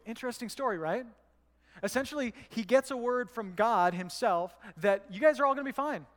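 A man's voice: very high-pitched, brisk, a bit bright, big-room sound. A man preaching a sermon in a casual, conversational way, telling stories and acting out quotes. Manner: conversational, storytelling with acted quotes. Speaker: pastor. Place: church.

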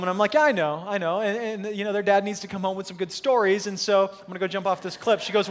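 A man in his thirties, a pastor telling a story in a lively, self-mocking sermon at church. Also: high voice, fast. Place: church hall. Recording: long hall reverb.

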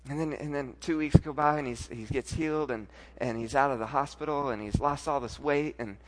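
A man preaching a sermon and telling an emotional personal story, moving between loud outbursts and hushed, tearful passages. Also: mid-range voice, brisk, in a large hall. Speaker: pastor.

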